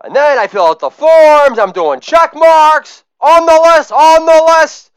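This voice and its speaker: Deadpan and crude, a middle-aged podcast comedian alternates murmured asides with shouted catchphrases. He takes his time, and the recording has no echo.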